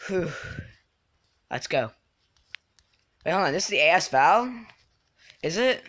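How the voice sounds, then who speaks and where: A young man chatting through a live game stream, his slightly high, bright voice carrying easily. He mumbles asides to himself, then flares into loud, exasperated protests whenever other players catch him out. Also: slow. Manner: excitable, swings from mumbling to yelling in frustration. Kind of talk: casual live game commentary.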